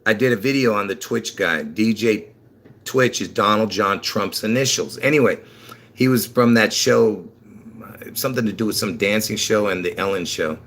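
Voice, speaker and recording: A man's voice: on the low side, moderate pace. Rambling man on a livestream. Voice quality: slightly slurred from dentures. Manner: rambling, repeats himself, bursts into excited emphasis; chuckles at his own slips. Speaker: livestream host. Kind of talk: rambling religious livestream talk.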